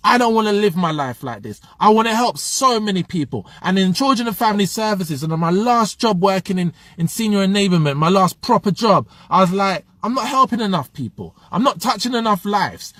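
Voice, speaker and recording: A man's voice: high-pitched, expressive, brisk, hardly any pauses, a bit bright, no room sound, studio quality. A man giving a passionate motivational livestream talk, preaching and reading out viewer comments. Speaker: motivational live streamer.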